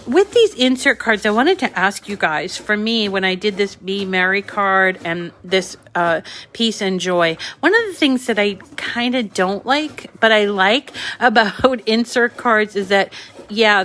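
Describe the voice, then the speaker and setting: A woman's voice: medium pitch, a little slow, fairly bright tone, slight background noise. A woman with a New England accent, hosting a live craft tutorial, chatting with viewers and reading out their comments. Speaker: crafting channel host.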